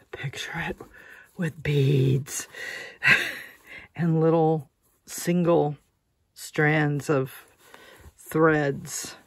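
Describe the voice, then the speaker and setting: A woman's voice: sits low, vocal fry, no echo. A woman vlogger talking casually as she sews, muttering and joking at herself. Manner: muttering and self-mocking while sewing. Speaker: crafting vlogger. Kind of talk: casual crafting chat.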